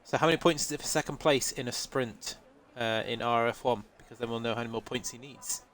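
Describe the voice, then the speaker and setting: A man commentates a live sim-racing stream with a nasal, congested voice from a lingering cold. He keeps a chatty, easygoing tone at a middling pitch, often laughing and replying to his audience. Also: quick pace, fairly bright tone. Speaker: race commentator.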